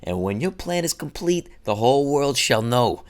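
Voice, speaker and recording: A man's voice: medium pitch, sing-song, moderate pace, close to an everyday voice. A man voicing a fawning female head researcher in a dramatic reading of a game file, gushing and laughing as he goes. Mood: zealous.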